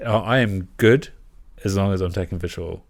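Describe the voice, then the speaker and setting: A man's voice: low voice, moderate pace. A young man hosting a podcast, chatting candidly and casually, laughing often and swearing. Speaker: podcast host. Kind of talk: casual chat.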